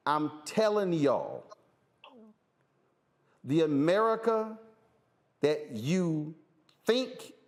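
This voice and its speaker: A man's voice: on the high side, big pitch swings, very slow, pauses often. A man hosting a talk show, giving fiery political commentary and hammering points home by repeating phrases. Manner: emphatic, repeats phrases for force.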